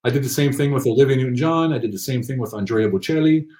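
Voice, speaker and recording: A man telling rambling, animated anecdotes with many fillers in a casual interview. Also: mid-range voice, fast talker, roomy sound. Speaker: guest.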